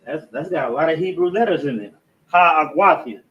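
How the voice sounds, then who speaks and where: A man's voice: fairly high pitch, animated, reverberant. Man teaching a language class, lo-fi. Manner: spells words out slowly, corrects himself aloud. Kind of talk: Hebrew language lesson at a board. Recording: dull lo-fi room recording.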